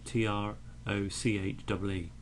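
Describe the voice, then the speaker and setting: A man's voice: fairly low pitch, little pitch movement, unhurried, a little hiss or hum. A man teaching a recorded poetry lesson, patiently explaining meter and beating out the stresses aloud.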